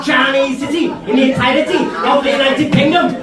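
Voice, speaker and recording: A man's voice: extremely high pitch, fairly even intonation, a little fast, echoey room, distant mic, music in the background, voice pushed up. A man putting on an offended Liverpool man with a Liverpool accent, correcting someone like a know-it-all. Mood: huffy. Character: Liverpool man of Chinese heritage, indignant.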